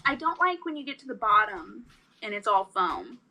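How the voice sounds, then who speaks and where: A woman's voice: mid-range voice, normal speed, low-quality recording. A woman co-hosting a casual podcast chat, telling stories animatedly and acting out the quotes. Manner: animated storyteller, acts out quotes. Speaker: podcast co-host.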